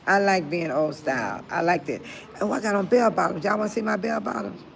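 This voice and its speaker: A woman's voice: mid-range voice, animated, normal speed, vocal fry, slight background noise. An older retired woman chatting casually with viewers on a phone livestream, laughing often and talking straight to them. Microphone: phone held close to the face.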